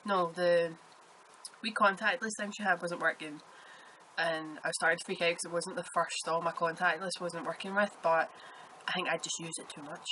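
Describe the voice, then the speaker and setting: A Scottish-accented woman hosts a casual podcast, talking in a fairly low yet bright, forceful voice. She rambles happily through her stories. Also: fairly even intonation, moderate pace, a little hiss or hum, low-quality recording. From Scotland. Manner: chatty rambling storyteller. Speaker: podcast host. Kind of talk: casual chat.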